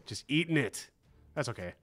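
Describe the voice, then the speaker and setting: A man's voice: medium pitch, lively intonation, normal speed, fairly bright tone. A man co-hosting a game developer's live stream, chatting casually, joking, and answering viewer questions while a colleague plays. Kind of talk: casual chat and game commentary.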